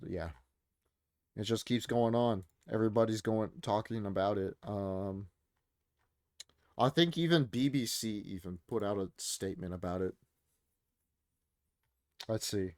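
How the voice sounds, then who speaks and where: Lower-pitched man reacting casually to posts. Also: darkish tone, dry recording, clean studio sound. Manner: rambling, filler-heavy, reading posts aloud. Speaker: commentary streamer.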